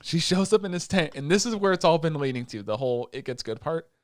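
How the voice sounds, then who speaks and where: Animated, swearing podcast co-host man. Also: fairly high pitch, fast, no room sound, clean studio sound. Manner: animated, swearing, acts out characters' lines. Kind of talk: casual chat recapping anime.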